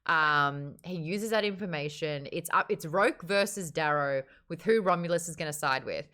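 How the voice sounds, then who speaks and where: A woman hosting a book club chat, animated and casual, swearing freely and laughing often. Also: sits low, moderate pace.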